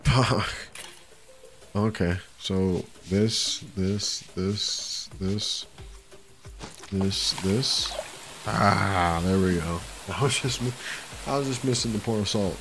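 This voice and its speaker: A man's voice: on the low side, slow, noisy background. A young man giving casual let's-play commentary, talking to himself and swearing now and then. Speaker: gaming streamer. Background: faint game music.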